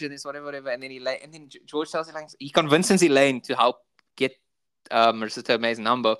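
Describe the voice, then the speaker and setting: South african dude retelling tv scenes, goofy high voices for the characters, dead dry sound. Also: male voice, a little fast, smooth, no room sound. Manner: animated retelling, jumps into high-pitched imitations of characters. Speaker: podcast co-host. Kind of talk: casual chat.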